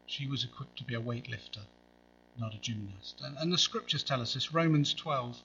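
A man's voice: medium pitch, moderate pace, highs cut off, background noise. A man preaching a sermon in a conversational way, with wry asides.

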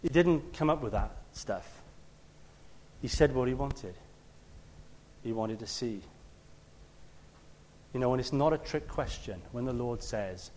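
A man preaches in a relaxed, conversational way, as if telling a story to friends. He acts out what the people in his story say and sometimes shouts their lines out loudly. There is faint noise in the background at a middle pitch. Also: unhurried, long pauses, long reverb tail. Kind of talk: sermon.

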